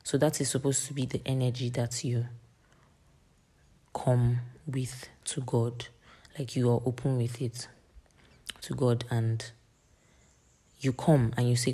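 Speaking slowly with long pauses, a late-teen podcast host delivers an earnest, rambling faith encouragement monologue full of fillers. She has a warm, level, slightly rough bass voice.

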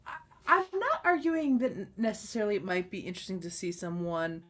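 Female co-host, chatty and giggly, swooping lively pitch. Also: fairly quick. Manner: chatty, laughs often, expressive. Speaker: podcast co-host. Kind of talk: casual chat.

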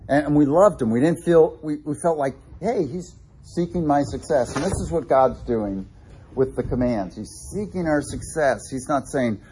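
A man preaching a sermon, telling animated personal stories with many restarts. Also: mid-range voice, slightly rough. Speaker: pastor.

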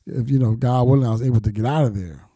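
A man's voice: mid-range voice, quick pace, mellow, no echo, studio quality. A middle-aged man telling his life story candidly, blunt and profane, with street slang and reflective turns. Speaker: storyteller recounting his past.

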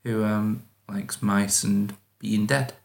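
A man's voice: lowish voice, little pitch movement, takes it slowly, gravelly, reverberant. Dry-witted man on a podcast. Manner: dry, wry one-liners. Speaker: podcast co-host. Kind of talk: casual chat.

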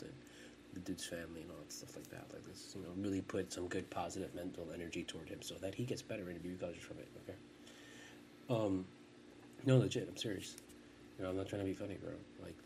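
A man in his forties with a somewhat low voice, talking loosely on a podcast. He rambles from thought to thought, swears freely and restarts his sentences. Behind him there is a faint hiss of noise. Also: steady tone, fairly quick. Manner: profane, rambling, self-interrupting. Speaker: podcast host. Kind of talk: casual rambling chat.

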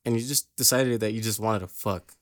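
A man's voice: on the low side, a little fast, dry recording, studio quality. A young man hosting a podcast, talking crude casual banter that rambles, laughing often and losing his thread. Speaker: podcast host.

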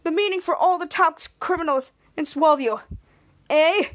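Woman playing a squeaky, panicky crook, ends everything with "eh". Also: moderate pace, no echo, clean studio sound. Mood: whiny. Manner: ends lines with "eh". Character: panicky male crook with a Canadian "eh".

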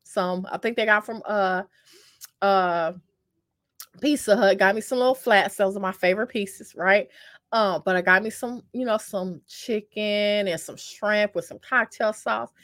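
A woman with a mid-range, fairly bright voice speaks a little slowly while telling viewers a personal dating story to camera. Casual and self-mocking, she peppers it with fillers and repeats and says "y'all." The sound is dry and studio quality.

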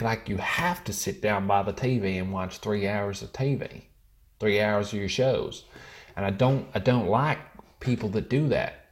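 A man's voice: lowish voice, darkish tone, lightly acted. A man putting on a wavering American accent to play a profane patriotic American man ranting about laziness. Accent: put-on American. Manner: preachy, scolding, profane.

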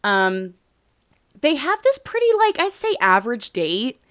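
A woman's voice: fairly high pitch, sing-song, measured pace, a bit bright, no room sound, studio quality. Gushing, rambling woman recapping a show. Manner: gushing, rambling, heavy use of "like". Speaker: reality show recap host. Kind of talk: casual chatty recap.

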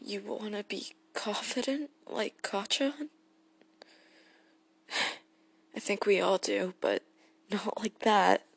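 A woman voicing a gentle, goofy teenage boy hero who speaks as an affectionate boyfriend in a role-play audio, soft-spoken and prone to giggles. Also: mid-range voice, slow, vocal fry, pauses often, husky, full character voice. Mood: tender, reassuring. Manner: soft-spoken and tender, breaking into giggles when tickled.

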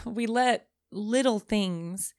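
A woman's voice: mid-range voice, drawn-out words, no echo, studio quality. A middle-aged woman hosting her own podcast, talking candidly and emotionally, teary from recent crying and swearing freely. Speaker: podcast host. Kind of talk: emotional personal podcast monologue.

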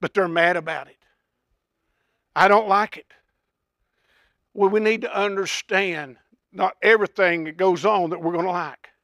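An older man preaching a folksy, impassioned sermon that swells into shouts. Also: sits high, measured pace, long pauses, no room sound, clean studio sound.

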